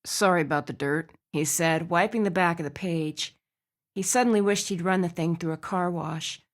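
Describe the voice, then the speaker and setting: A woman's voice: on the low side, normal speed. Woman narrating a romance audiobook. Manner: expressive storytelling. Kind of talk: scripted narration.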